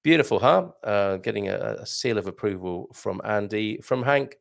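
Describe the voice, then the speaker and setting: A man's voice: lowish voice, lively intonation, normal speed, vocal fry. A middle-aged Englishman, hosting a live morning show, chatting jokily and reading out viewer comments. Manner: jokey, rambling, self-deprecating.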